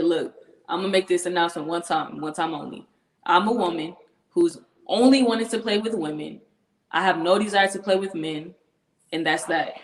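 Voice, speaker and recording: A young woman, a professional football player, talking earnestly as an interview guest, laughing often and repeating herself as she talks. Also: fairly low pitch. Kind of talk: casual interview chat. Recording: echoey room.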